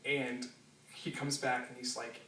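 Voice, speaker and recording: Bright-voiced man telling a story in an echoey room. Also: medium pitch, little pitch movement, measured pace, recorded from a distance, slight background noise. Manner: casual, laughing, lots of fillers and swearing. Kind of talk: live storytelling to an audience.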